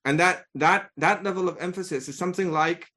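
A man's voice: high-pitched, brisk, pushed and bright. Earnest man teaching Quranic rhetoric. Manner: earnest, emphatic, with frequent restarts.

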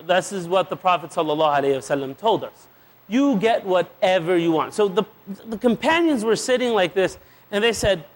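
Playful high-voiced male preacher. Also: animated, a little fast. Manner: playful storytelling, acting out little dialogues; sprinkles Arabic religious phrases into English. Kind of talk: humorous sermon to a live audience.

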